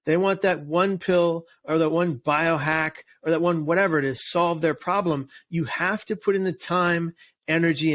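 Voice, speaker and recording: A man's voice: fairly high pitch, a bit bright. A man speaking as an interview guest and suicide prevention speaker, earnest and emphatic, often restarting and repeating words. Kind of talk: casual interview chat.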